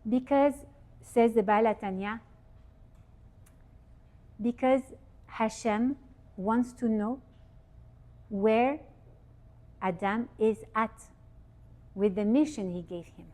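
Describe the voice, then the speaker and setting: Lively woman giving a holiday talk. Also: a little high, slow, pauses often. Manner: lively, asks the audience questions. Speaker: speaker giving a Torah talk. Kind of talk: informal religious teaching. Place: event hall with audience.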